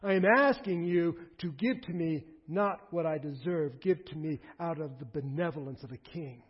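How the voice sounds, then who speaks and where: A man's voice: on the high side, moderate pace, breathy edge, in a large hall. A man preaching a sermon who earnestly urges the congregation to respond. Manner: earnest, exhorting the congregation directly. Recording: dull lo-fi recording.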